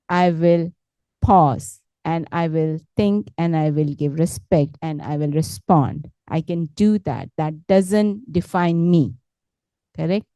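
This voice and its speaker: A woman leading a talk on positive thinking, speaking patiently and gently, often checking in with her listeners. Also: mid-range voice, no room sound. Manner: slow, patient, repeats words and asks "correct?"; gentle, encouraging. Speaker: meditation instructor.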